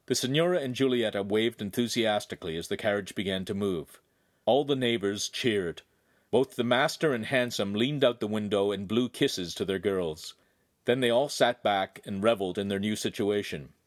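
A man reading a young adult novel aloud as its narrator, with expressive storytelling. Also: fairly low pitch, moderate pace, dry recording, studio quality. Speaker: audiobook narrator. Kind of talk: scripted narration.

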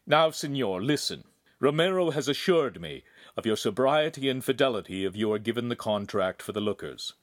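A man voicing a commanding, good-humored nobleman who gives orders briskly and teases. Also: medium pitch, expressive, no echo, studio quality, natural voice.

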